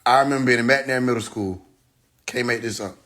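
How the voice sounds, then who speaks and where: A man's voice: medium pitch, brisk. A young man, talking casually on a phone livestream and animatedly acting out the people in his stories. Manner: animated storytelling, acts out quoted people, laughs. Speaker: live stream host.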